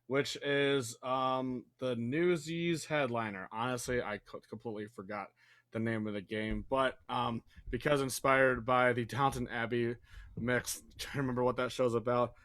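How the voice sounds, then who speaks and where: Man, improv game leader on a video call, rambling asides, bright tone. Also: medium pitch. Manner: rambling, self-deprecating asides.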